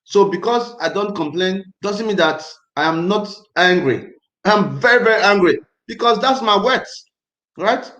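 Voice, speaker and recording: In an echoey room, a livestream host with a high, expressive, slightly bright voice chats casually but sounds angry and tense. He speaks at a measured pace, agitated, emphatic and repetitive.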